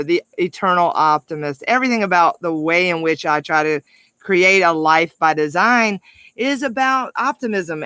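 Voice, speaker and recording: Middle-aged woman coach, upbeat motivational talk, bright tone, dry close mic. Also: fairly low pitch, no room sound. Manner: upbeat, animated, emphatic with laughs. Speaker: life coach.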